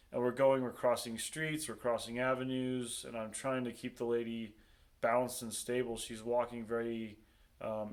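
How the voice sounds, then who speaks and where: Halting man with a flat voice. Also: mid-range voice. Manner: halting, many ums and restarts. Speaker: podcast host telling a personal story. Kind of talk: casual first-person storytelling.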